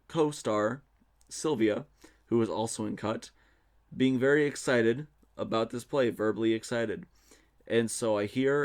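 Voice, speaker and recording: A young man hosting a solo podcast, telling stories in a casual, animated way with some swearing. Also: on the low side. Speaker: podcast host. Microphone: studio mic.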